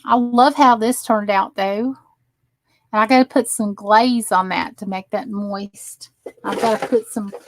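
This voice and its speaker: Slow-talking tired woman streamer. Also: a little high, background noise. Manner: tired, chatty, talks to viewers in chat. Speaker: crafting livestream host. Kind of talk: casual live stream chat while crafting.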